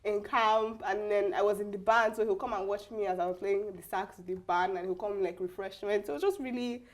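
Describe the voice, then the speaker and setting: A young woman with a Nigerian English accent tells her story in a relaxed interview. Her voice sits in a middle register, and she keeps it lively, laughing as she acts out the voices of people she quotes. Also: mid-range voice, fairly quick. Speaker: guest.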